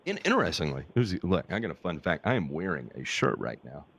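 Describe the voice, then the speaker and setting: A man's voice: sits low, big pitch swings, a little fast, vocal fry, fairly bright tone. A man hosting a charity livestream, talking casually in a candid, profane, self-deprecating way. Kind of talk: casual chat.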